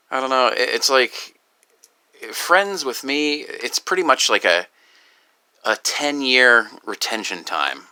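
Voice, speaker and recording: A grieving, upset man talking in a rambling personal vlog, halting and profane, with many restarts. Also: mid-range voice, bright, forceful tone, smooth. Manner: halting, profane, full of restarts and "you know". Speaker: video creator.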